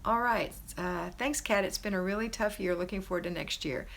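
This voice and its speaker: A middle-aged woman with a gravelly, medium-pitched voice speaks fairly quickly while hosting a homemaking livestream from her parents' house. Reading comments indoors, she warmly encourages and cheers on her viewers.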